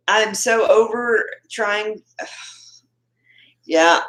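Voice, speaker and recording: Slow-talking Texan woman, roomy echo. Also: mid-range voice, fairly bright tone. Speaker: livestream host. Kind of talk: casual live chat with viewers. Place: at home.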